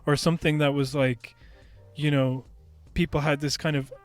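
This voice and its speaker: Male co-host, higher-pitched, earnest and reflective, filler-heavy, faint music bed. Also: fairly even intonation, moderate pace. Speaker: podcast co-host. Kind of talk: casual chat.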